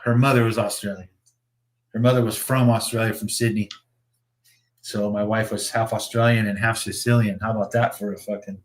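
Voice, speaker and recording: Rambling, swearing man at his workbench. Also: lowish voice. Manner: rambling, profane, chuckling. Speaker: slot car builder and show host. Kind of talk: casual livestream chat.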